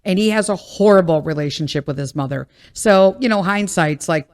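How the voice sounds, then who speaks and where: A woman's voice: fairly low pitch, brisk, a little mellow. A woman, hosting a podcast and venting bluntly in a casual, exasperated monologue, swearing freely. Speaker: podcast host.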